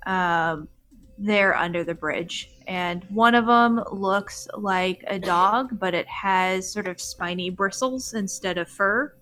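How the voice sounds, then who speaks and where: A woman narrating a tabletop role-playing game as game master, relaxed with frequent filler pauses. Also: mid-range voice. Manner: relaxed, many ums.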